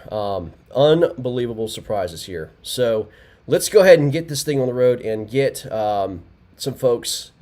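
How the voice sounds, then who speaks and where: A man's voice: mid-range voice, mellow. Rambling man hosting a live stream. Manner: rambling, many fillers and restarts, laughs often. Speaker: tournament host. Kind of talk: live stream results show.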